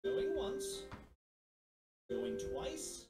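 A woman voicing a fast-talking auctioneer announcer in a party video game, calling out bids in a chanting patter. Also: fairly high pitch, huge pitch swings, heavily acted. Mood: brisk. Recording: echoey, distant, over game music.

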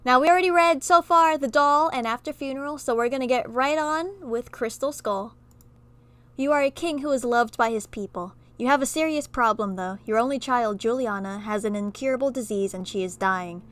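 A woman's voice: high-pitched, moderate pace, a bit bright, dry recording. Giggly, chatty gaming woman. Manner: chatty, self-mocking, giggly asides. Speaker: gaming YouTuber. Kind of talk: reading an interactive horror story aloud with commentary.

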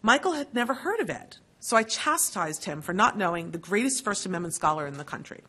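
A middle-aged woman, a law school dean, giving a measured, earnest introduction at a lecture with a lightly wry touch. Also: medium pitch, sing-song, bright, forceful tone, slightly rough. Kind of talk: formal lecture introduction with personal anecdotes. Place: lecture hall.

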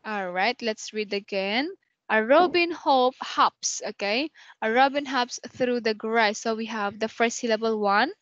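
A woman teacher speaks slowly and patiently, counting syllables out for her pupil. Her voice sits a little high, close and dry. The call audio is dull and lo-fi. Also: a bit bright, no room sound. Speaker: English teacher. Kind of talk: online one-on-one lesson.

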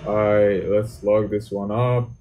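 Young guy, playing a horror game and joking at the characters, lowish mellow voice, bit of hiss. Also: flat delivery, slow pace. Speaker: gaming YouTuber.

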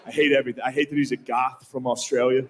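A man's voice: medium pitch, fast talker, a faint crowd. A man doing a stand-up set, with a laid-back, crude and self-mocking delivery. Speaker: stand-up comedian. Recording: live set with steady background noise.

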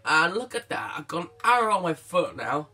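A young-sounding man narrates his own let's play in a bright, high voice that swings widely in pitch. He talks chattily to his audience and his pet, breaking into excited exclamations. Soft music plays faintly behind him. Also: normal speed, slightly rough. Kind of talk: gaming commentary.

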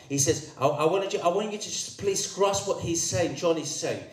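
A man's voice: on the high side, moderate pace, few pauses. An older man from Cyprus, preaching a sermon as archbishop, emphatic and repeating words. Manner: emphatic, rising to raised proclamations, repeats words. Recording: echoey church sound from far off.

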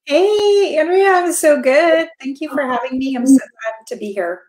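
A woman's voice: high voice, moderate pace, a crowd in the background. A middle-aged woman, a marketing coach and guest, presenting on a business webinar in an upbeat, direct way that often checks in with her listeners. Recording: roomy echo.

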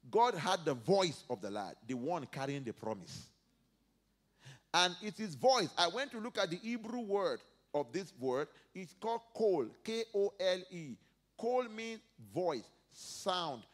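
A male pastor preaching a sermon, dropping to soft asides and rising to loud emphatic peaks as he reads and acts out scripture. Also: high-pitched. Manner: preaches verse by verse, acting out biblical speakers.

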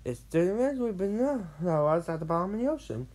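A woman voicing an excited boy genius hero in a read-along storybook, speaking eagerly. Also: on the low side, fast talker, voice pushed up.

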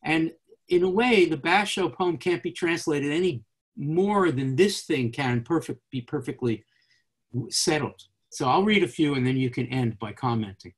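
A man hosting a casual poetry discussion over a video call, reading short translations aloud slowly and talking quickly between them. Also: a little high, lively intonation, breathy edge. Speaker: host.

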